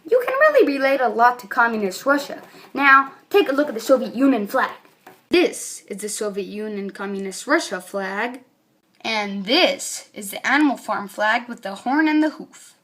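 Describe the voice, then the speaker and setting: A chatty female reviewer talking through a book in a casual video, rambling with plenty of "you know"s. Her voice sits a little high. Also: expressive, moderate pace, fairly bright tone. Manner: rambling, chatty, many fillers.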